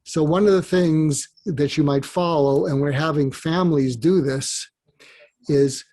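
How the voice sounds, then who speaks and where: A man, a psychiatrist guest on an interview, giving advice in animated storytelling that acts out dialogue. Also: on the high side, unhurried.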